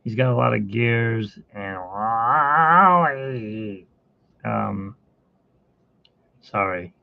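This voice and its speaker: A man talks slowly and casually while he works on a drawing, rambling from one aside to the next. His voice is gravelly and husky. The sound is tinny and phone-like and dry. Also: mid-range voice, no room sound. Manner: rambling, chatty, with fillers and asides. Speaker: artist hosting a live art stream.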